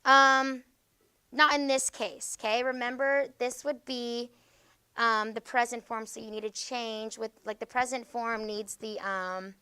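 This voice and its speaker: A woman's voice: fairly high pitch, steady tone, a little slow, sharp tone, clear, resonant tone. A woman teacher leading a classroom grammar lesson, patient and explanatory, often checking in with "okay?".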